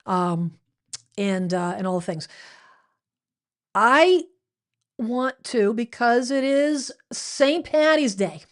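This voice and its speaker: A woman's voice: on the high side, expressive, slow pace, pauses often. A woman hosting her weekly livestream, talking casually and rambling a little as she answers viewers' comments. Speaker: livestream host.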